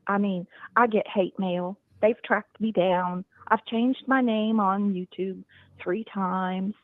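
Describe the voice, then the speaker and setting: A middle-aged woman phones in to a livestream and talks slowly and wearily, pausing and sighing between thoughts. Her voice comes over a thin, tinny phone line. The sound is dry. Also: mid-range voice, fairly even intonation, no room sound. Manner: slow and weary, with sighs and hesitations. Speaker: caller.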